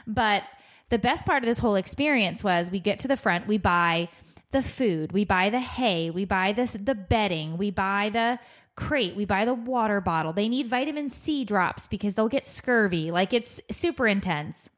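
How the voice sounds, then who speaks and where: A middle-aged woman, a podcast host, casually telling a story and acting out the people in it. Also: normal speed. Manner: animated, laughs, acts out her daughter in a high crying voice.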